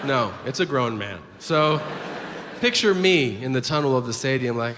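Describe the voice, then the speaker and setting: Deadpan male comic in a reverberant hall. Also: mid-range voice, normal speed. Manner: mock-philosophical, deadpan setups. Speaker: stand-up comedian. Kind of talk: stand-up comedy set. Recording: reverberant live room with noise.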